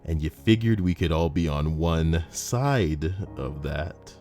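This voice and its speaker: A man's voice: low-pitched, measured pace, gravelly, dark tone, faint music behind. A young man hosting a comedic commentary, reading online stories aloud, swearing, joking and switching into mock voices.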